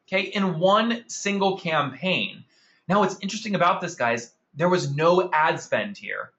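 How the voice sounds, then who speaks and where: A man's voice: fairly high pitch, sing-song, a little slow, bright, forceful tone, lo-fi sound. A man hosting a marketing webinar, talking enthusiastically and calling out attendees by name. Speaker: webinar host. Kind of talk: upbeat marketing webinar presentation.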